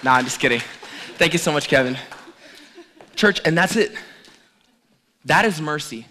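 A middle-aged man preaching as a pastor, joking playfully with the congregation during a lively demonstration. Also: fairly high pitch, normal speed, slight background noise. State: out of breath at times. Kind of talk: lively sermon with audience demonstration.

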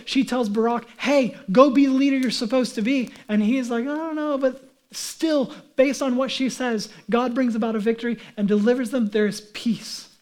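A man's voice: extremely high pitch, darkish tone. A man, a pastor, preaching a sermon in an earnest, emphatic way and asking the congregation rhetorical questions.

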